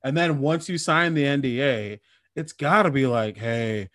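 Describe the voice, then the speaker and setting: A man's voice: a little high, normal speed, fairly bright tone, no echo, clean studio sound. A man co-hosting a comedy podcast, chatting casually, swearing and riffing in joking mock voices. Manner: profane, jokey, riffs in mock voices. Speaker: podcast co-host.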